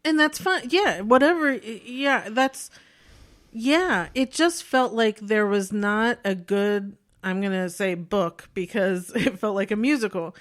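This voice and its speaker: A woman's voice: mid-range voice, unhurried. Chatty opinionated woman podcast host. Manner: animated, opinionated, laughs often. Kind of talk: casual chat.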